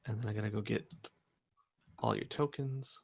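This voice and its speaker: A man's voice: lowish voice, moderate pace, creaky, slight background noise. A man narrating as game master in a casual tabletop game, hesitant and full of fillers.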